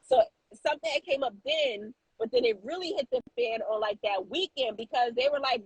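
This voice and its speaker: A woman co-hosting a casual podcast, telling a story in an animated way with lots of fillers and restarts. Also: high voice, a little fast, hardly any pauses, rough recording. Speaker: co-host.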